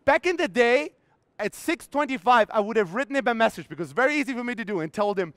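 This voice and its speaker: A man's voice: very high voice, lively intonation, fast, a bit bright, no room sound. Blunt, profane man on a conference stage. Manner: blunt, profane, acts out his inner voices. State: strained voice. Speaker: keynote speaker. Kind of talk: motivational stage talk.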